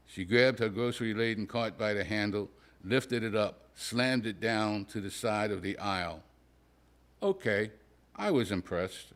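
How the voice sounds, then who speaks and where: A man, a poet at a live reading, reading a humorous prose story aloud in a dry, wry, deadpan way. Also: on the low side. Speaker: poet reading his work.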